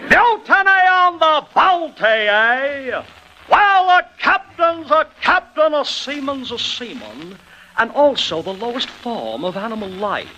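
A man impersonating a tyrannical older ship captain with a slight British accent, punching the start of lines and fading from a shout to near whisper. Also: very high-pitched, a little hiss or hum, pitched above the performer's own voice, exaggerated voice. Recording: dull old radio recording.

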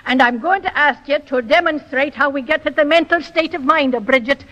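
A woman with a high voice coaches a younger actress on air, precise and instructive, often slipping into a thick demonstration brogue. The recording is an old lo-fi radio broadcast with a long, hall-like reverb. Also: a little fast, fairly bright tone.

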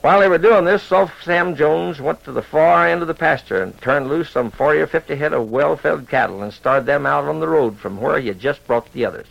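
A man spins a western yarn in a folksy cowboy drawl as a radio storyteller and host. His voice runs a little high with a gravelly edge. It comes through a dull old radio recording. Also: a little fast, few pauses, fairly bright tone.

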